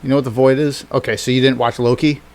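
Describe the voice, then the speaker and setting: A man in easy, casual conversation, his pitch sitting in the middle for a man. He tells the story with plenty of swearing and laughs, and jumps up loud and high whenever he acts out a surprised reaction. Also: level tone, fast. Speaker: podcast co-host. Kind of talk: casual chat.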